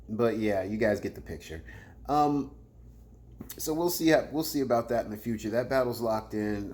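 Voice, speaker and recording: Animated man riffing on battle rap. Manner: animated, slangy, swings between loud jabs and low asides. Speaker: battle rap commentary host. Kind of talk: casual commentary.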